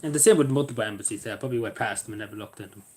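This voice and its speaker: A man chatting casually on a live stream, rambling and joking, his voice often trailing off quietly at the ends of sentences. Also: fairly low pitch, rapid-fire.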